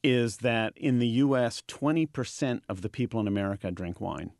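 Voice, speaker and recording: A man's voice: medium pitch, animated, moderate pace, gravelly, darkish tone, dry recording. A man co-hosting a casual wine radio show, explaining figures and teasing his partner. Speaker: wine show co-host, wine educator.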